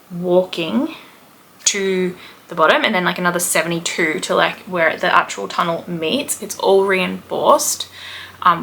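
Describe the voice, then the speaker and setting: Chatty Australian woman in her thirties, gravelly. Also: on the low side, sharp tone. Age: 30s. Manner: chatty and rambling, with many "like" and "um" fillers. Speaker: podcast host, history teacher. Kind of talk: casual chat, travel storytelling.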